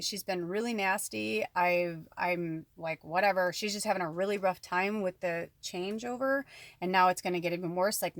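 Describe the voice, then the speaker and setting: A woman's voice: medium pitch, fairly bright tone, no echo. A woman giving a casual spiritual card reading at home. She rambles in a chatty way, full of asides and "like". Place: at home indoors.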